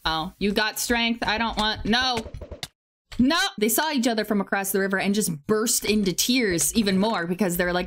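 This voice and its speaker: A woman's voice: mid-range voice, moderate pace, slight background noise. A woman casually retelling a legend while playing a game, rambling and chatty with lots of filler words and sudden reactions to the game. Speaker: gaming video creator.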